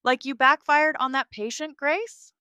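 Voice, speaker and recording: A woman reading the lines of an angry, resentful brother who shouts threats in a family drama story. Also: sits high, fairly even intonation, measured pace, dry recording, voice pushed up. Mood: furious. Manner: shouting, furious.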